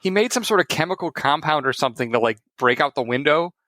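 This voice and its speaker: Podcast co-host, man, bright voice, dry close sound, lively storyteller. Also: fairly high pitch, fast talker, dry recording. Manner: animated storyteller, laughs often. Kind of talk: casual chat.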